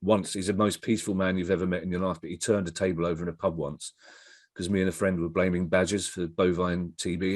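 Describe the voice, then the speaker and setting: Husky man telling rambling stories. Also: low voice, fairly quick, dry recording, clean studio sound. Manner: rambling anecdotal storyteller, self-interrupting. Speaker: guest, comedy writer. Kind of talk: casual interview chat.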